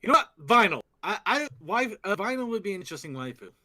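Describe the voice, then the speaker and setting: A man co-hosting a casual fan talk show, excitable and quick to swear, often restarting his sentences. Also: high-pitched. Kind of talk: casual chat.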